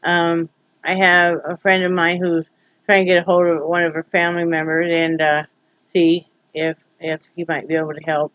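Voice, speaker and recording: A woman's voice: lowish voice, little pitch movement, moderate pace, fairly bright tone, no room sound, lo-fi sound. A woman vlogging from home in a casual, rambling way, joking and full of fillers. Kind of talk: casual vlog chat.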